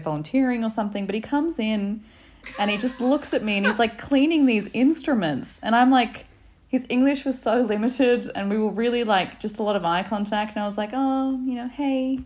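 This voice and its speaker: A woman, a podcast guest telling a story in a casual, animated way, laughing often and saying "like" a lot. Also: medium pitch. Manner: animated, laughing, many fillers like "like".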